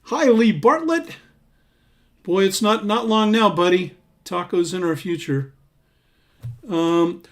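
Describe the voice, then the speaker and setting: Speaking at a normal speed in a high voice, a man, a singer-songwriter, hosts a casual livestream. He chats warmly and rambles, calling out viewers' names as he scrolls the comments.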